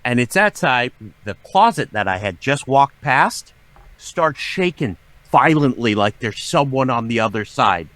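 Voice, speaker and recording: A middle-aged man, a podcast guest, telling a story with lots of swearing and dramatic acted-out shouting. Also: mid-range voice, animated, unhurried, no room sound. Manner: profane, dramatic, acts out his own shouting. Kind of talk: animated storytelling.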